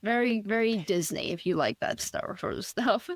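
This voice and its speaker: A woman's voice: mid-range voice, moderate pace, dry recording. A woman author, a guest on an interview show, talking eagerly in casual chat and rambling with frequent restarts.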